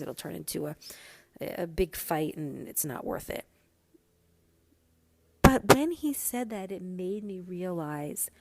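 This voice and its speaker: A middle-aged woman hosting a podcast, telling a personal story in a casual, animated way. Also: fairly low pitch, dry recording. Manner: animated, vents with rising heat. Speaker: podcast host.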